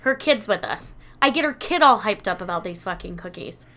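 A woman's voice: mid-range voice, lively intonation, a little fast, pushed and bright. A woman in her thirties chatting casually as a podcast co-host, a rambling storyteller who swears a lot. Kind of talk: casual chat.

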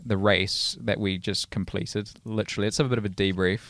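A man's voice: on the low side, steady tone, fairly quick, fairly bright tone, no room sound. A young man in his twenties, co-hosting a podcast as a racing driver and telling rambling stories in a casual chat. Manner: rambling, chatty storyteller.

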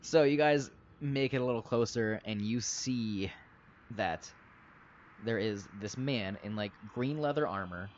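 A man's voice: fairly low pitch, a little slow, slight background noise. A young man narrating a tabletop game as game master, rambling with lots of fillers. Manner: rambling, filler-heavy, laughs easily. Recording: dull lo-fi recording.

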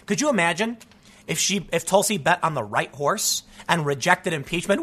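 Guy ranting about politics on his channel, frustrated, keeps restarting, high bright voice. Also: expressive, moderate pace, a little hiss or hum. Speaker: political commentary host. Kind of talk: solo political commentary.

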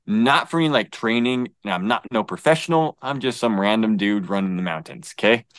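A young American man telling a story in a casual, animated way, with lots of fillers, laughs and swearing. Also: medium pitch, no room sound. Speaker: guest recounting an encounter.

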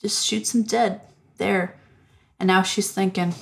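A woman hosting a podcast in casual chat, animated and profane, laughing often and acting out lines. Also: medium pitch, a little slow, gravelly. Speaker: podcast host.

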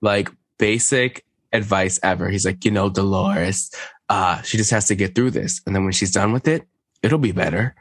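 A man co-hosting a podcast, talking in a quick, sassy and crude way about reality TV. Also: sits low, no room sound, clean studio sound. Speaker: podcast co-host. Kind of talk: casual chat recapping reality TV.

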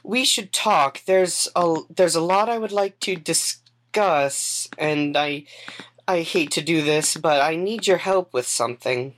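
A woman's voice: deep voice, unhurried. A woman voicing a sly young female creature with pointed teeth, speaking in an eager, conspiratorial way for a tabletop game.

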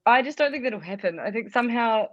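A woman's voice: on the high side, animated, fast talker, no echo, highs cut off. A woman with a New Zealand accent, a musician guest chatting casually and rambling with lots of fillers. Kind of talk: casual interview chat.

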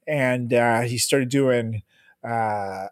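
A man's voice: mid-range voice, drawn-out words, no echo, studio quality. A man co-hosting a podcast in casual chat, loose and profane, laughing often. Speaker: podcast co-host.

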